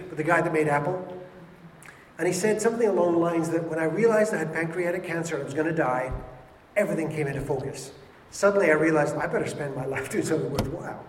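Male pastor, emphatic sermon delivery, slightly high voice, long hall reverb with faint room noise. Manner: emphatic, repeats words for stress. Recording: echoey hall with faint ambience.

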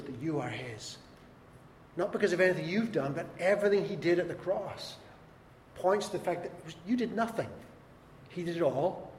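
A man's voice: fairly high pitch, a little hiss or hum. A man preaching a sermon as pastor, earnest and emphatic, asking the congregation questions. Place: church hall. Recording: echoey hall with long reverb.

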